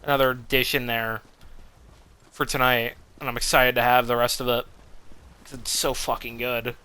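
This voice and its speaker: Bright-voiced, rambling male streamer. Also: mid-range voice, little pitch movement, moderate pace, clean tone. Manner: rambling, profane, restarts often. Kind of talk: casual game commentary.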